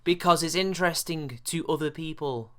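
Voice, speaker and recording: A man's voice: a little high, moderate pace, pushed and bright. A man from England with a British accent, hosting a sarcastic reaction commentary, mocking and swearing in exasperation. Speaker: commentary video host.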